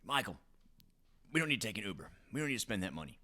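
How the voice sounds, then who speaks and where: A man's voice: on the low side, sing-song, rapid-fire, bright, forceful tone. A man putting on a Southern accent to voice his exasperated middle-aged wife. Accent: put-on American Southern. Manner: nagging, exasperated.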